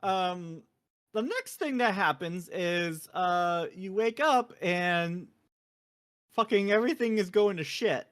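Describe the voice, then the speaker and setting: A woman's voice: fairly low pitch, slow pace. A woman hosting a casual podcast, telling the story of a video game scene by scene. She swears freely and leans on fillers as she goes. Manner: profane, animated storytelling with many fillers. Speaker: podcast host.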